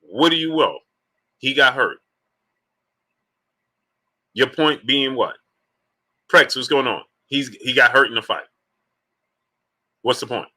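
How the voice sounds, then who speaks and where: A man hosts a live-streamed sports talk show with a bright, forceful voice. He hammers his points home through rhetorical repetition, breaking off to greet chat viewers by name. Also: medium pitch, takes it slowly, long pauses. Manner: animated, rhetorical, repeats points emphatically.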